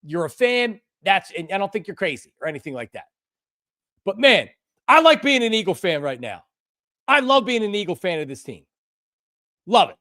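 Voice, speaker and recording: An older man hosting a live sports talk stream, passionate and emphatic, repeating himself and at times breaking into shouts. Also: high voice, very animated, moderate pace, pauses often, dry recording, clean studio sound. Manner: bursts into shouting. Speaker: sports show host.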